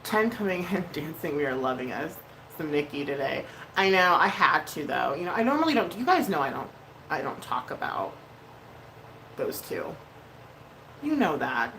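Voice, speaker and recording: A woman's voice: low-pitched, sing-song, moderate pace, long pauses, fairly bright tone, slight background noise, low-quality recording. A woman hosting a casual makeup livestream, chatty and freely swearing as she reads out viewer messages. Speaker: livestream host doing makeup.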